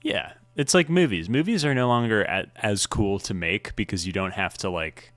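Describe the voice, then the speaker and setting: A deep, low-voiced man co-hosting a sports podcast, talking in a laid-back way with frequent laughs and casual swearing. The sound is close and dry, with no room around it. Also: expressive, normal speed, a bit bright, dry recording. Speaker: podcast co-host.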